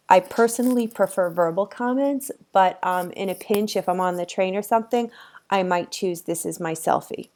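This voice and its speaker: A woman's voice: medium pitch, darkish tone. A woman instructor giving a casual, chatty screen-recorded tutorial for her course, talking easygoing with frequent ums, on a computer microphone.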